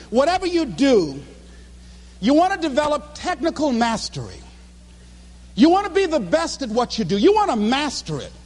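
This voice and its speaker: A man giving a live motivational speech in a fervent, preacher-like cadence, often breaking into shouts. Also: very high voice, in a large hall. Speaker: motivational speaker.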